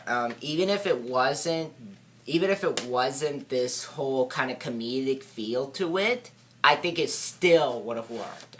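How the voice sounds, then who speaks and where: A man giving a casual spoken film review, hesitant and halting, with many filler words and restarts. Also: medium pitch, fairly bright tone, slight background noise.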